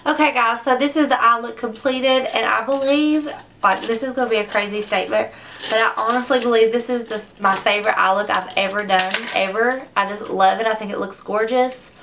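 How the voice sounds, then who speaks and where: Young woman gushing over makeup, gravelly voice, a bit far from the mic. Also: a little high, fairly even intonation, brisk, noisy background. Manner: chatty, gushing, says "like" often. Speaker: beauty vlogger. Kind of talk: casual makeup review. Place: makeup room at home.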